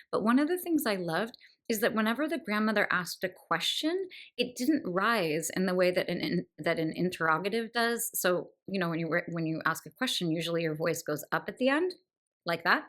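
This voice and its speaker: A woman's voice: fairly low pitch, a bit bright. A woman hosting a book podcast, talking through a novel with admiring enthusiasm and thoughtful asides. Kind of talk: literary discussion monologue.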